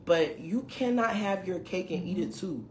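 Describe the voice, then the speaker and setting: A woman's voice: fairly low pitch, animated, moderate pace, darkish tone. A middle-aged woman at home, animatedly telling viewers a story in a casual, emphatic way. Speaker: vlogger recounting a dating experience. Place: her home, indoors. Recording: roomy room echo, faint background hiss.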